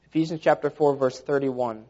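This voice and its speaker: A man's voice: mid-range voice, normal speed, dark tone. A man preaching a sermon in an earnest, conversational way, often saying "you know", recorded with a dull, lo-fi sound. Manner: earnest, conversational with repeated fillers.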